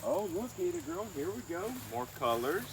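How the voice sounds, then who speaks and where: Lively young father on a homestead vlog. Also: on the high side, normal speed, noisy background. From West Georgia, USA. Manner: playful, teaching a toddler colors. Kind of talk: casual family vlog. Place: outdoors on a rural homestead.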